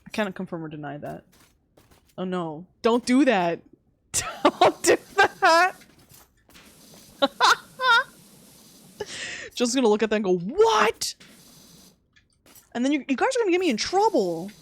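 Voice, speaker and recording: A woman's voice: mid-range voice, sing-song, fast, a little mellow. A young woman live-streaming a game, chatting casually and teasing her chat with frequent giggles.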